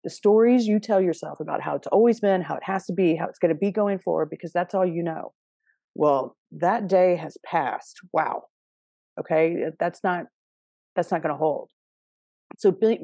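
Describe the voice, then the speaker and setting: A woman's voice: fairly low pitch, normal speed, vocal fry, mellow, no echo, clean studio sound. A woman giving a casual astrology reading, chatty and direct, often checking in with her listeners. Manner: chatty and direct, with frequent laughs and "okay?" check-ins.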